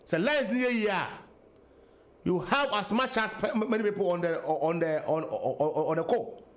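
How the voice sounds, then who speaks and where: A man's voice: sits high, lively intonation, normal speed. A Ghanaian man hosting a political talk radio show, giving an emphatic monologue that mixes English and Twi.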